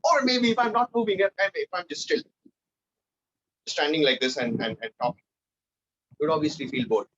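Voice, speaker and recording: A man leading a live online public speaking training, energetic and animated, swinging between loud and soft for emphasis. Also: fairly high pitch, a little fast, pauses often, muffled recording, a little hiss or hum.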